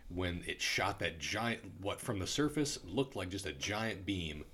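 Casual male podcaster, deep voice, lively delivery, swears freely. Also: a little slow, slight background noise. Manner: animated, swears freely, acts out quotes. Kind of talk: casual movie review chat.

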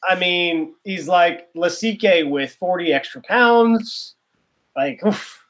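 A man's voice: high-pitched, slow pace, fairly bright tone. A man co-hosting a casual podcast, rambling and opinionated with a joking edge. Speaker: podcast co-host.

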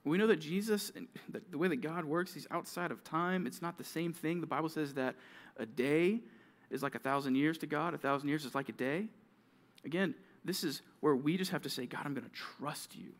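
Here a man serves as youth pastor, delivering a sermon to junior high students. The talk is energetic and casual, sprinkled with fast impressions of teens grumbling.

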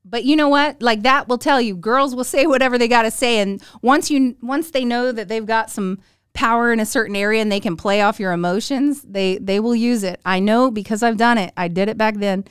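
Animated, high-voiced storytelling woman. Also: a little fast, clean tone, dry recording, studio quality. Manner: animated, giggly storyteller acting out quotes. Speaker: podcast host. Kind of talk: casual storytelling chat.

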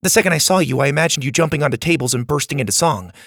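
A nerdy, sharp-tongued boy, played by a man who rattles off comebacks fast in a raised, lively voice. A husky, gravelly edge stays under it. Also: on the high side, no echo, studio quality, pitched above the performer's own voice. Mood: snarky.

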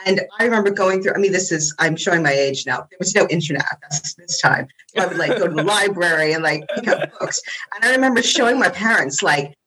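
A woman's voice: lowish voice, lively intonation, fast, fairly bright tone, husky, rough recording. An American woman in her forties, a podcast guest chatting casually and laughing often in a self-deprecating way. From United States. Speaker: guest, interior design blogger. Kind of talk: casual interview chat.

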